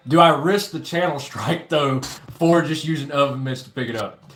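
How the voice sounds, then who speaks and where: A man's voice: fairly high pitch, moderate pace, a bit bright, faint music behind. A young man hosting a casual livestream, rambling with lots of fillers and swearing while reading chat aloud. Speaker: livestream host. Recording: roomy echo.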